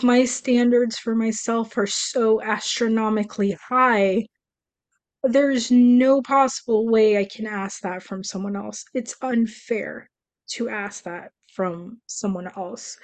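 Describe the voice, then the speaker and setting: A woman on a podcast who talks openly and earnestly, stumbling and restarting as she finds her words. Her voice is steady in pitch with little melody. The sound is close and dry, with no room around it. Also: dry recording. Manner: earnest, emotional, halting with restarts. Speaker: podcast co-host. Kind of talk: candid podcast conversation.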